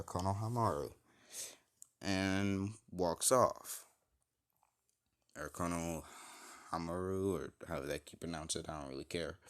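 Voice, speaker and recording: A young man casually retelling a fan-made story, rambling and crude, full of fillers. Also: low-pitched.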